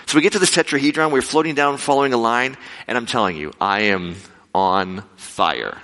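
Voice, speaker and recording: A man telling a lively story in a sermon, acting out his own quoted lines with sudden leaps in pitch. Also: brisk. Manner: animated, acts out quotes with big pitch jumps. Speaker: preacher. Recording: echoey hall with long reverb.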